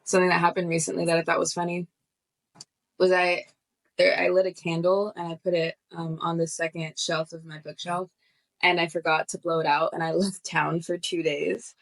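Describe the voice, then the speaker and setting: A woman hosting a casual podcast chat, relaxed and joking, laughing often. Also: on the low side, normal speed, creaky. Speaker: podcast host.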